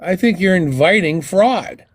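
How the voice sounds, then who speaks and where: A man's voice: high-pitched, expressive, a little slow, no echo, studio quality. A man in a casual political debate who asks questions and rambles through his points. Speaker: debate guest.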